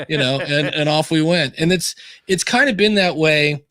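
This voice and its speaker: A man's voice: on the high side, normal speed, few pauses, no room sound. A man who is a podcaster and author, chatting as a guest over a video call, self-deprecating and acting out the voices in his stories. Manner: self-deprecating, animated storyteller acting out quotes. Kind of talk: casual interview chat.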